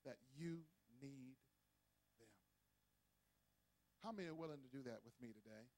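High-voiced preaching pastor, drawl. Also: male voice, animated, normal speed, long pauses. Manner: preaching with call-and-response, rising to shouts. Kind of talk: sermon.

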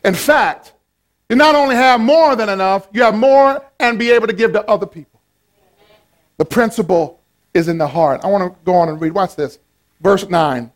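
A pastor preaching a playful, animated sermon with call-and-response to his congregation. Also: sits high, normal speed.

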